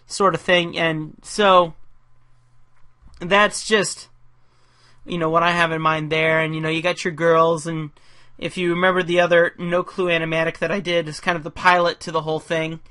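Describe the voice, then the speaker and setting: Male caricature artist, bright voice, casual and rambling, self-deprecating, talks through his drawing. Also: on the high side, level tone, normal speed.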